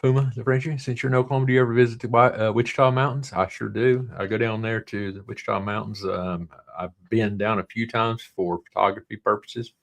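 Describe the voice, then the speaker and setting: A man's voice: lowish voice, fairly even intonation, brisk, gravelly, few pauses. A man with a Southern drawl hosting a casual livestream, rambling along and reading viewer comments aloud. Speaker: livestream host.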